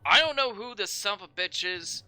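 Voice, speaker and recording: A furious middle-aged sergeant, put on by a man running a tabletop game, barking threats and curses with a bright, hard edge. His pitch swings widely as he rages at the people under his command. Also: lively intonation, normal speed, clear, resonant tone, no room sound. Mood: menacing. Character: gruff angry middle-aged male sergeant.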